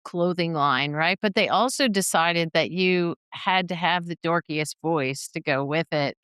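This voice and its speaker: A woman's voice: lowish voice, unhurried, a bit bright, clear, resonant tone, dry recording, clean studio sound. Playful woman co-hosting a podcast. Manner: playful, teasing, laughing. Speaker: podcast co-host. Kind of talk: casual interview chat.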